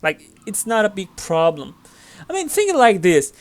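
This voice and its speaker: This man from Turkey hosts a gaming channel and rambles chattily through his gameplay in Turkish-accented English, leaning heavily on filler words. He has a high voice that swings hugely in pitch, delivered at a moderate pace.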